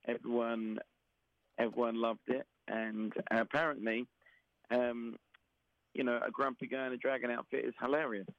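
A man with a Southeast London accent, a guest performer chatting in an interview with dry, deadpan humor. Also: medium pitch, normal speed, gravelly, no echo, muffled recording. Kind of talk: casual interview chat.

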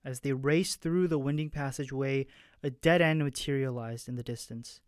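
A man reading aloud an excerpt of his own story in a soft, hushed way, with small slips and restarts. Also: mid-range voice, normal speed, clean tone, no room sound, studio quality.

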